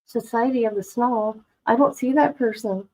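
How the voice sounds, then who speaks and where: A woman's voice: on the high side, normal speed, darkish tone, rough recording. A woman hosting a casual livestream, dramatic and exclamatory, talking to herself and her chat. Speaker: livestream host. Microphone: no headphones, device mic.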